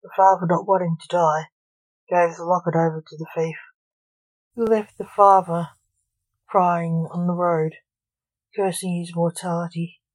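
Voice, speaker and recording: A woman reads a story aloud slowly in a low, even voice. Her delivery is measured and plain. The recording is close and dry. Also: no echo, rough recording. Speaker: narrator. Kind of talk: storybook reading.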